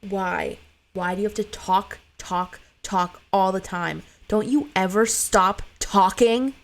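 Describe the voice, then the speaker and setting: A woman voicing an exhausted, resentful young mother in a script read, with a gravelly edge to her voice. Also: mid-range voice, fairly quick, darkish tone, lightly acted. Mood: furious.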